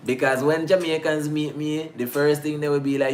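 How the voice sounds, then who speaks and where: A man's voice: a little high, fairly even intonation, moderate pace, a little hiss or hum. A man from Bluefields, Nicaragua, with a Nicaraguan Creole English accent, answering viewer questions in a slangy, joking casual chat.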